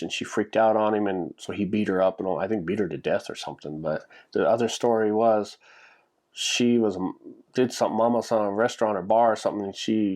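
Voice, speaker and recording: His voice is on the low side with a darkish tone. He's a vlogger based in Japan, telling stories in a loose, meandering monologue where he keeps saying "like" and starting over.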